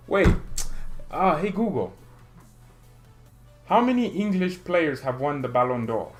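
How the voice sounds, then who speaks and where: A man's voice: a little high, animated, a little slow, long pauses, soft background music. Exasperated, sarcastic male fan ranting. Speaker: football fan channel host. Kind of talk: ranting commentary to camera.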